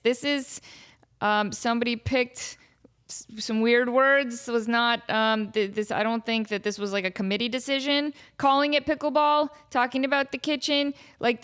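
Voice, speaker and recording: A woman's voice: high voice, a bit bright. A woman in her thirties hosting a podcast, chatting casually and joking her way through fan questions with lots of fillers and asides. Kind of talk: casual chat. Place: home near Las Vegas.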